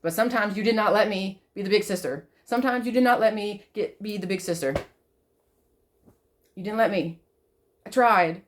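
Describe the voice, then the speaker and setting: A woman talking straight to camera in an emotional personal monologue, swearing often, repeating herself, and swinging from loud outbursts to soft, quiet pleading. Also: medium pitch, moderate pace, long pauses, slight background noise. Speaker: vlogger.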